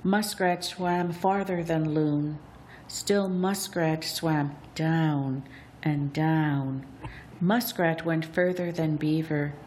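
A woman narrates a traditional tale at an unhurried pace, drawing out each moment. Her delivery is deliberate and expressive. Faint noise hums in the background. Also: low-pitched. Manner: slow, deliberate, expressive storytelling. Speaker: storyteller. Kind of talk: storybook narration.

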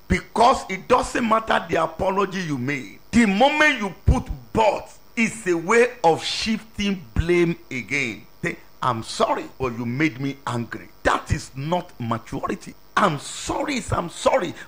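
A man preaching a sermon slowly and deliberately, with emphatic pauses and non-native English grammar. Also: high voice, fairly bright tone.

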